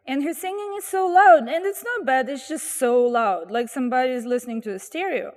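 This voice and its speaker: A woman tells lively anecdotes outdoors by a street corner, slipping into the voices of the people in her stories. Her voice sits high, and a long reverb trails behind it. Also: a little fast. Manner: animated, acts out quoted voices. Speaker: storyteller guest. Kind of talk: anecdotal storytelling.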